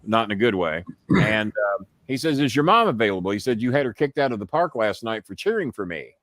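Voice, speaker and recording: A man hosting a live show, telling a story in a casual, profane way and getting loud when he quotes himself. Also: lowish voice, fairly quick, no echo. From United States. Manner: profane, animated, shouts when quoting himself. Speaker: host.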